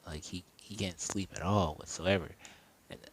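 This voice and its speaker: A man's voice: deep voice, steady tone, normal speed, poor audio. A man improvising and narrating a fan story while gaming, rambling and correcting himself often.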